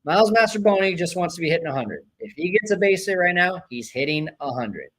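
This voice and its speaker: An excitable man hosts a live baseball watch-along for his viewers, his voice sitting slightly high. He swings between loud cheering and irritated griping about the players, and stops to read viewer chat names aloud. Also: brisk, rough recording. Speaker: live stream host reacting to a baseball game.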